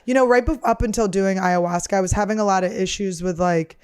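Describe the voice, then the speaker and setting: A woman's voice: mid-range voice, fast talker, smooth. A woman comedian hosting her podcast, telling candid, profane stories in a rambling, casual chat. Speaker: podcast host and stand-up comedian.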